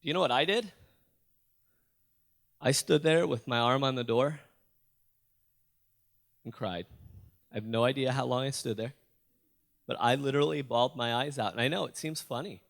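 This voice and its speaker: A man speaking onstage at a school assembly, in a storytelling keynote. He is animated, asks the crowd questions and jokes with them. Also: medium pitch, moderate pace, creaky, long pauses. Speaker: motivational youth speaker. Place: school auditorium.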